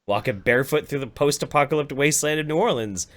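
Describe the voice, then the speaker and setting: A man co-hosting a live-streamed podcast, telling a loose, animated story and slipping into voices for the people in it. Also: on the high side, fast talker. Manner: animated, acts out voices in anecdotes. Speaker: podcast co-host. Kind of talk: casual storytelling chat. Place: home studio, live stream.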